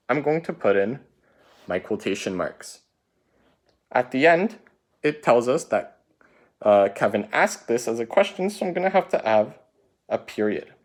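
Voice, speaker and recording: Lively man teaching a writing lesson. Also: medium pitch. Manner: patient, step-by-step explaining with frequent "right?". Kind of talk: recorded writing lesson for students.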